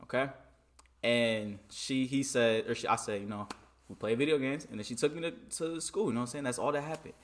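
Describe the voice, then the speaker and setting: A man from Michigan telling a story in a casual vlog, animated and dramatic, often repeating "you know what I'm saying.". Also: mid-range voice, fairly quick, slight background noise. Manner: dramatic re-enacting of dialogue.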